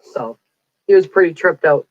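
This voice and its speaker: With lively intonation and a fairly low pitch, a psychic livestreamer in her forties talks at normal speed, telling rambling, chatty stories and acting out quoted lines. The sound is dull, lo-fi and dry, lacking echo.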